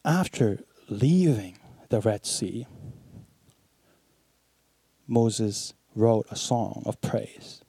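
A man preaching a sermon, swinging between hushed, low passages and emphatic, animated ones as he retells scripture. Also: extremely slow, vocal fry, pauses often, husky, no room sound.

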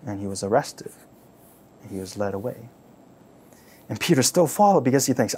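A man preaching, retelling a story dramatically, repeating phrases and asking listeners to imagine the scene, swinging from loud outbursts to near-whispers. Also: mid-range voice, lively intonation, normal speed, slight background noise. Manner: repeats words and phrases for emphasis; asks listeners to imagine, rhetorical questions. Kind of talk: sermon storytelling.

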